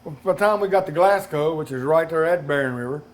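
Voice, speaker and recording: A man's voice: on the high side, quick pace. Storytelling older man with a Kentucky drawl. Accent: Kentucky Southern. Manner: animated anecdotes with acted-out quotes and laughter. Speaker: master distiller panelist. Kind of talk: storytelling on a panel.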